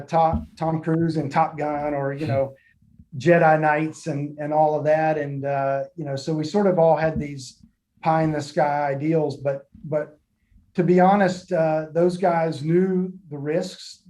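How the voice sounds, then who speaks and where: A middle-aged man speaking as a podcast guest, talking in an earnest, measured way with frequent fillers and restarts. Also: a little high, mellow. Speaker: podcast guest, former military pilot. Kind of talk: reflective interview talk.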